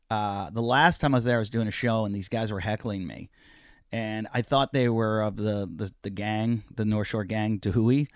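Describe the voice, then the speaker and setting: A middle-aged man hosting a podcast, a comedian who tells animated stories and acts out the dialogue. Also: on the low side, smooth, dry recording, clean studio sound. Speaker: podcast host; stand-up comedian. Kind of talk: casual podcast chat.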